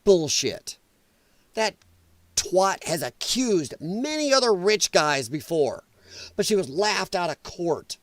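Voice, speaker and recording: A man's voice: sits high, very animated, slow pace, no echo. A man hosting a political livestream, ranting sarcastically and chatting with viewers in the live chat. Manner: heated, sarcastic rant with mocking put-on voices; chats with live viewers while reading chat. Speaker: livestream host.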